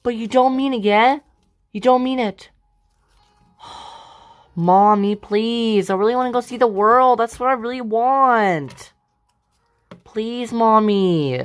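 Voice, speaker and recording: Woman doing a sulky daughter who begs and whines, kinda high voice, slow, dry sound. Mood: pleading. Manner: whiny and begging. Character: pleading, sulky adopted daughter, young woman. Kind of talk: amateur home-made family drama.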